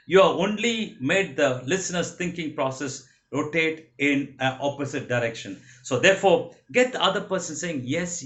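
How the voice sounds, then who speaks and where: A man's voice: on the high side, a bit bright. A man with an Indian English accent giving a motivational training lecture, emphatic and repeating his key phrases.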